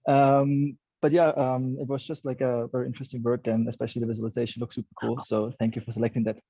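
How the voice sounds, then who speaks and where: A man's voice: mid-range voice, little pitch movement, quick pace, dark tone, no echo. A man who is out of breath, speaking hesitantly with many "um"s over a video call from a gym. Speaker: contest winner. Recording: muffled video call audio.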